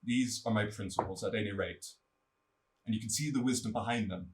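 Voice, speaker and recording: An actor playing a stern male king who lays down the law, swinging from loud proclamations to cold, quiet threats in a stage-play delivery. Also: lowish voice, a little fast, far from the mic, natural voice. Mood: proclaiming.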